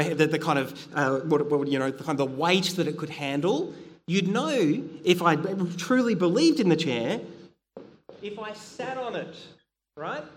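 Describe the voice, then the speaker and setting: A man's voice: high-pitched, long reverb tail. A middle-aged man preaching a sermon, earnest and conversational, with frequent fillers and restarts.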